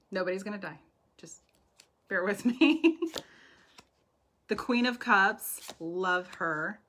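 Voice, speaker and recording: Slow-talking woman giving tarot readings. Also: medium pitch, fairly bright tone. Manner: chatty, affectionate, laughs often. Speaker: tarot reader. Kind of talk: live-stream tarot reading. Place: home, live video stream.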